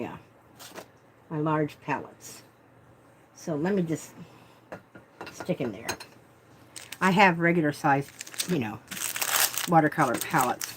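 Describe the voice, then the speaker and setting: A woman's voice: low-pitched, a little hiss or hum, low-quality recording. Chatty woman unboxing art supplies. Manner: chatty, rambling, self-deprecating asides. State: talking with mouth full. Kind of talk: casual unboxing chat.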